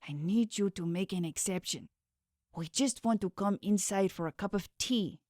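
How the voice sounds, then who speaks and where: A woman voicing a calm, secretive young friend. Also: medium pitch, slow, no echo, studio quality. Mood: menacing. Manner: soothing, then coldly threatening. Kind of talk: audiobook character voice.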